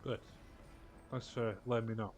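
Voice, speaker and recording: A man's voice: medium pitch, steady tone, normal speed, over music. A man giving jokey commentary while he plays a video game, muttering asides. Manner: jokey, mutters asides and puts on silly voices. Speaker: streamer. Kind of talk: casual gameplay commentary.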